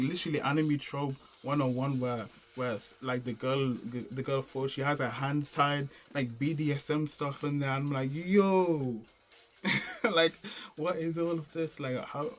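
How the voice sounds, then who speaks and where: Young man, casual game review, rambling, slangy, mid-pitched, faint music behind. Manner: rambling and slangy, often restarting and searching for words.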